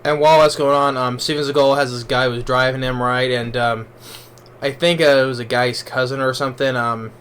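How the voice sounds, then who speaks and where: A man's voice: mid-range voice, flat delivery, fairly quick, a bit bright, smooth. A man giving a casual spoken movie review, rambling along with many restarts and fillers.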